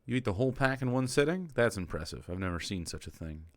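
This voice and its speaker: A man's voice: on the low side, big pitch swings, fast, no echo. A man streaming, reacting to a cooking video in casual, profane commentary that keeps tipping into exasperated ranting.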